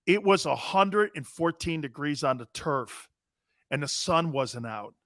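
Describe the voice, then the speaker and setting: Fairly high-pitched and recorded cleanly in a studio with no room sound, a fifties-aged sports talk show host tells loud, wandering anecdotes. His delivery is animated and emphatic, full of forceful restarts.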